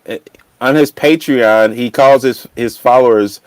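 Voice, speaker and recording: Chill guy on a stream, talks real slow, dry close mic. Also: medium pitch, clean tone, dry recording, rough recording. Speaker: stream guest. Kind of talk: casual livestream chat.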